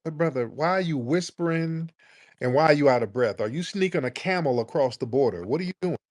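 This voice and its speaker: A man's voice: fairly high pitch, lively intonation, a little fast, a little mellow, no room sound, clean studio sound. A man hosting a live call-in show who talks bluntly and sounds impatient and exasperated with callers. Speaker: radio show host.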